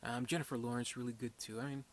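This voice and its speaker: A young man talks through a movie review off the cuff. He rambles and hesitates, filling gaps with "um" and "you know" and restarting his sentences. His voice sits at an ordinary middle pitch, with a faint hum of room ambience behind him. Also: flat delivery, fast talker. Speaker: film reviewer. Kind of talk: casual unscripted movie review.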